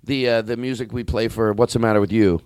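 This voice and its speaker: A man hosting improvised comedy banter, riffing loudly and laughing often. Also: fairly low pitch, steady tone, quick pace, no room sound, faint music behind.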